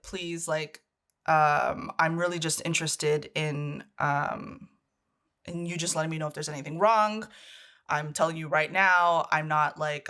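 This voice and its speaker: A woman's voice: low voice, sharp tone. A Canadian woman co-hosting a podcast, telling a story in casual chat, laughing often and swearing freely. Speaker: podcast co-host.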